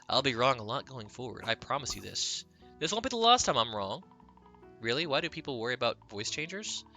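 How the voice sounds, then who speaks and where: Here a man chats in a relaxed way with his audience as he streams a game, laughing at his own jokes. He speaks fairly quickly in an animated mid-range voice that sounds pushed and bright, over soft background music.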